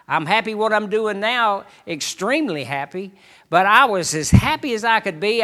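A middle-aged missionary preacher shares a folksy personal testimony with a congregation, stumbling into halting restarts. His voice is high, pushed, and bright.

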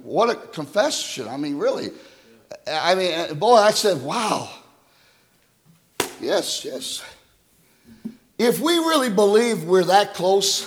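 Male preacher, high voice, fiery-to-hushed sermon delivery, church reverb. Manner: swings from loud high exhortation to hushed storytelling.

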